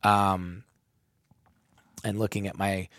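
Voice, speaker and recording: A man's voice: sits low, takes it slowly, dry recording, clean studio sound. A man telling a candid personal story, emotional and full of swearing. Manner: emotional, profane, animated storytelling.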